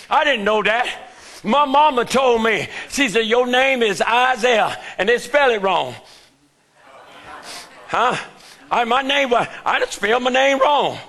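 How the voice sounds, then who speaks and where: An older man delivers a fervent church sermon, shouting his lines and calling out to the congregation. His voice is extremely high-pitched.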